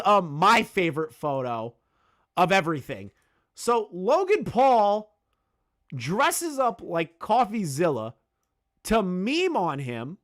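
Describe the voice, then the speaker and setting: A man's voice: sits high, a bit bright. A man doing casual reaction commentary, sarcastic and mocking, swearing often and restarting with fillers. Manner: filler-heavy, repeats words when restarting. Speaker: commentary YouTuber.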